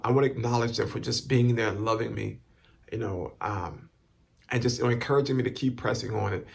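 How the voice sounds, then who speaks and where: A man with a rough, gravelly edge to his voice talks straight to camera. He stops and restarts often and repeats words as he works through strong feeling. He sounds close to tears, his pitch sitting in the middle range. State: emotional, near tears. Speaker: vlogger giving thanks. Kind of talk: emotional personal talk to camera.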